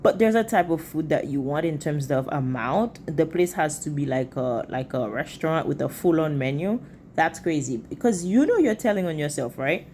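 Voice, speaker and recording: Low-voiced woman giving disapproving commentary. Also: lively intonation, normal speed, a little mellow, a little hiss or hum. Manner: disapproving, lecturing. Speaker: commentary channel host. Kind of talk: reaction commentary.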